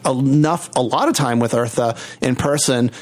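A man hosting a podcast, chatting casually and telling stories with drawn-out emphasis. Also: mid-range voice. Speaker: podcast host. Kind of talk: casual chat.

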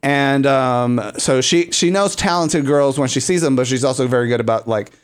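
A man's voice: medium pitch, moderate pace, clean tone. A man co-hosting a podcast in campy, playful casual chat, laughing often. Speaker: podcast co-host.

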